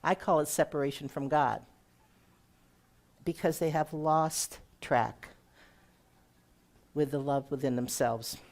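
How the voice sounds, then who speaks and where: Woman, middle-aged, guest minister, conversational sermon, slightly low voice, asks the congregation questions. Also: fairly even intonation, slow pace, long pauses. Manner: warm conversational preaching with audience questions.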